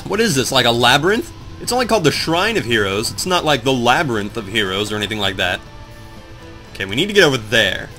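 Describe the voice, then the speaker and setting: A man chats over a game he is playing, rambling and swearing at his own confusion, his pitch leaping around in lively swings. His voice is bright and forward, and faint game music plays underneath. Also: fast talker. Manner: rambling, excitable, swears a lot, talks to the viewers. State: groggy, just woke up. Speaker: let's play commentator. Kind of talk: casual gameplay commentary.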